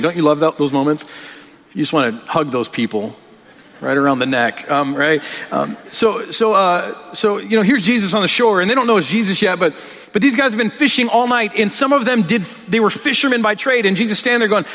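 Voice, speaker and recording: Long hall reverb surrounds this pastor's high, slightly fast voice, which sounds pushed and bright. He preaches in a conversational style, restarting with repeated words and posing rhetorical questions.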